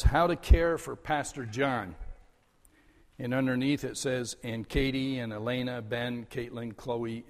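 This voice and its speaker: An older man speaks from the pulpit as a departing pastor. His delivery is slow and halting, with many "uh" fillers and soft chuckles. His mid-pitched voice carries a long church reverb. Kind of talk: farewell address from the pulpit. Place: church sanctuary.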